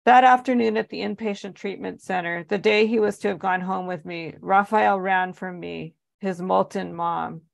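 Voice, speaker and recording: A woman's voice: medium pitch, steady tone, normal speed, gravelly, hardly any pauses, no room sound. A woman, an author, reading aloud from her own memoir in an earnest, emotionally charged way.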